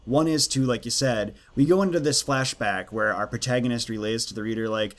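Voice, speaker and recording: Man, medium pitch, casual podcast co-host, animated and playful when quoting. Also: a little fast, few pauses. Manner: animated, acts out quoted lines with jokey voices. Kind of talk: casual chat about writing craft.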